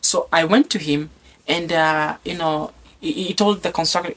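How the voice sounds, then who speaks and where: A man from Kenya, telling his life story in an interview, animated and repeating words as he goes. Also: on the high side, normal speed, a little hiss or hum. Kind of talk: lively personal testimony.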